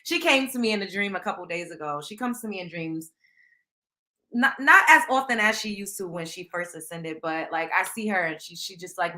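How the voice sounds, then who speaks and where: A woman's voice: on the low side, bright, forceful tone. A woman with a Southern US accent hosting a casual live stream, talking bluntly and emphatically in slang and speaking straight to her viewers. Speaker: host.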